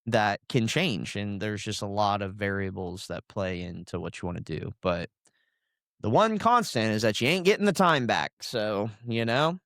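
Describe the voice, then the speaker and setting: Host role: laid-back man, lowish voice, chatty and teasing, dry studio sound. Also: lively intonation, moderate pace, fairly bright tone, dry recording. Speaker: podcast host. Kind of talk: casual chat.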